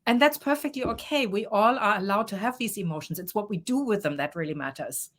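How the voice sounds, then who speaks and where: A woman's voice: medium pitch, expressive, brisk. A woman coach answering interview questions, explaining and advising at length.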